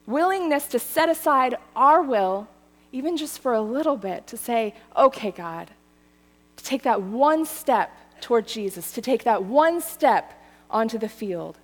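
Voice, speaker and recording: A woman in her thirties preaching a sermon with a fairly high, very animated voice. Her pitch leaps up and down as she tells a personal story. The recording carries a long hall reverb. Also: unhurried. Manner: animated storytelling, lively and laughing. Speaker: church speaker.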